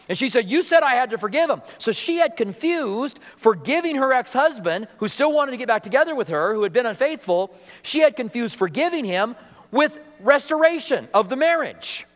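A long hall reverb carries the sermon of a middle-aged pastor in a church sanctuary. His voice is fairly high for a man, and his delivery is animated as he acts out the people he quotes.

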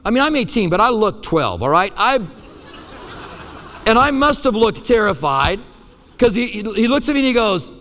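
Man, pastor, sermon, storytelling, high-pitched, long hall reverb. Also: moderate pace, long pauses, a little hiss or hum. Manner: storytelling, animated, self-deprecating.

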